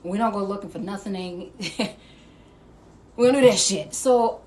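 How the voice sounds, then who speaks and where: A woman vlogger telling a story to camera, animated and profane, laughing as she goes. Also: medium pitch, a little slow, a little hiss or hum. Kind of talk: casual storytime monologue.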